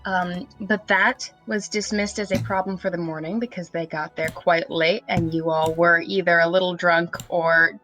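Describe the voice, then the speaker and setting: Bright-voiced woman game master. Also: on the low side, steady tone, moderate pace, hardly any pauses, soft background music, poor audio. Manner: rambling, filler-heavy, friendly. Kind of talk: recapping a tabletop game session.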